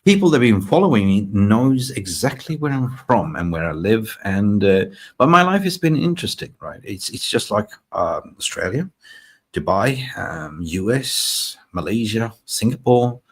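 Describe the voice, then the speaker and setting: A man from Sweden hosting a fan live stream, chatting excitably and reading out viewer comments. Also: fairly low pitch, normal speed, slightly rough. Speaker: fan channel host. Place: in Thailand.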